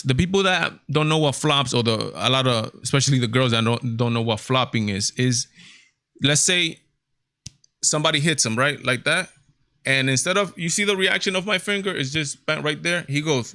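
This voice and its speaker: A man's voice: mid-range voice, bright, forceful tone, dry recording, studio quality. A man hosting a casual livestream, talking emphatically with lots of repetition. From Hispanic heritage, United States. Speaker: show host.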